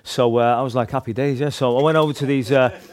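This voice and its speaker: A man tells his evangelism stories in a loose, casual way. His voice sits at an ordinary middle pitch. He rambles, restarts his sentences, and leans on fillers as he goes. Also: fairly even intonation, quick pace. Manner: rambling, heavy use of "like" and "you know", restarts. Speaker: street evangelist. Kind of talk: casual storytelling testimony.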